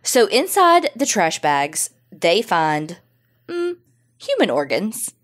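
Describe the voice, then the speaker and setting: A woman co-host spins a true-crime tale in a loose, chatty way. She drops swear words and sassy asides as she goes. Her voice rises and falls a lot, sitting at a middle pitch. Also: slow pace. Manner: profane, animated retelling with sassy asides. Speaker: podcast co-host. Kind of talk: casual true-crime storytelling.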